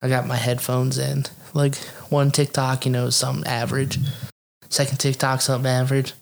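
A man's voice: mid-range voice, completely flat delivery, a little fast, creaky. A young man co-hosting a casual, profane chat, laughing often and acting out what others said. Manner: laughs often, acts out quoted lines.

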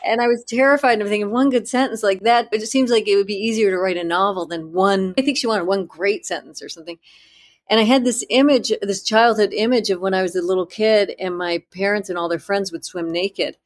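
Candid woman author telling her story. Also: mid-range voice. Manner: candid, self-deprecating, halting restarts. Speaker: author being interviewed. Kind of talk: conversational interview storytelling.

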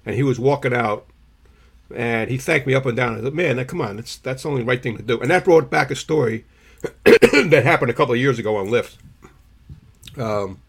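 Gravelly man telling rambling stories. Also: mid-range voice, lively intonation, fairly quick. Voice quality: gravelly, husky. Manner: rambling anecdotes, frequent throat clearing. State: throat irritation. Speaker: podcast co-host. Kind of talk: casual storytelling chat.

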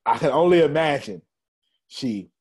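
A man's voice: mid-range voice, moderate pace, breathy edge. A man giving a motivational talk, telling a story with laughs and speaking straight to his audience. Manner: animated, laughing storyteller addressing the crowd.

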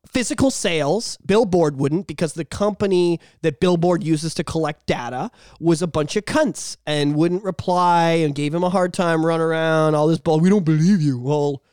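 A man's voice: high-pitched, smooth, dry recording, studio quality. A man co-hosting a podcast in casual chat, rambling, profane and laughing. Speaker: podcast co-host.

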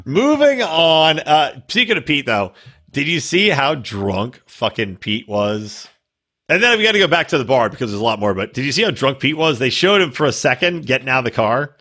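Lively, husky-voiced joking man. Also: mid-range voice, normal speed. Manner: rambling, jokey, puts on silly voices for gossip. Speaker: podcast co-host. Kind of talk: casual chat.

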